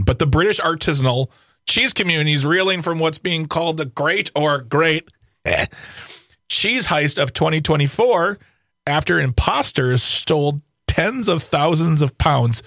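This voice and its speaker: A man's voice: on the high side, lively intonation, a little slow, fairly bright tone, no echo, clean studio sound. Wry, joking male radio co-host. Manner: wry, playful storytelling. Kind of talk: joking talk radio banter. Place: radio studio. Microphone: studio microphone.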